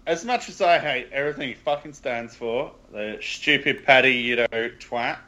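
A man in a casual football chat, blunt and excitable, swearing a lot. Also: medium pitch, moderate pace. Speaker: podcast co-host.

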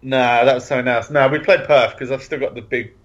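A man's voice: mid-range voice, fairly even intonation, quick pace. A man co-hosting a casual podcast, telling jokey stories and laughing mid-sentence. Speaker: podcast co-host. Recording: muffled lo-fi sound.

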